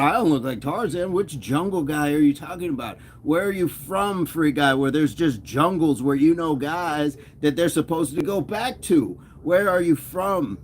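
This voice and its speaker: Brief: male fitness stream host, light higher-pitched voice, playful teasing banter with chat. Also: a little hiss or hum. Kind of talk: casual live chat with viewers.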